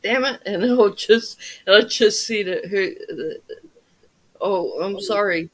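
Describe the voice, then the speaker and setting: A woman's voice: mid-range voice, slow pace, a bit bright, rough recording. A woman with a New Zealand accent, hosting a casual livestream chat with viewers, blunt and swearing freely. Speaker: livestream host.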